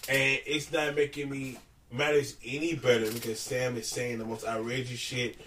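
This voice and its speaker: Bright-voiced man laughing through a story. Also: mid-range voice, level tone, moderate pace, distant mic, slight background noise. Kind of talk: casual chat.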